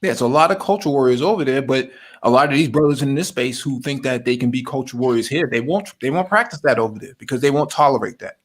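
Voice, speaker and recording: A man hosting a political talk show, speaking calmly with frequent brief agreements. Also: mid-range voice, fast, hardly any pauses. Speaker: host.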